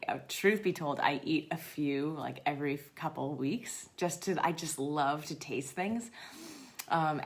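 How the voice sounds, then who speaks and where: A woman hosting a live Q&A, chatting enthusiastically, laughing often and sometimes dropping to a soft whisper. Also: deep voice. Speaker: seed company host. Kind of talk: live Q&A chat.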